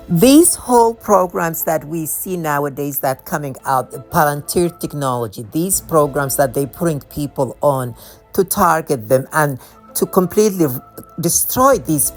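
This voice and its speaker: Low-pitched woman, impassioned monologue, repetitive, faint music behind. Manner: impassioned, repetitive, with frequent restarts. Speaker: video creator. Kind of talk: monologue to camera.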